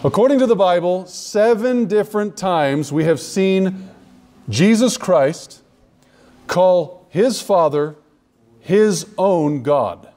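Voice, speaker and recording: Before a live audience, a preacher with a high, dark-toned voice and lively intonation makes his points emphatically. He addresses listeners directly and lingers on key words to stress them.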